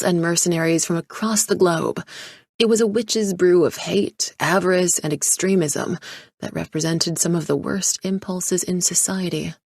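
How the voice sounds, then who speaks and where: A woman narrating a thriller audiobook in a measured storytelling style, close to the mic. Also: fairly low pitch, a little mellow, no echo.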